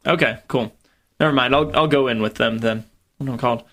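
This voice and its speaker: A man's voice: mid-range voice, quick pace, sharp tone. A man playing a tabletop game, curious and full of questions. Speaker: player. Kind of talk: tabletop role-play.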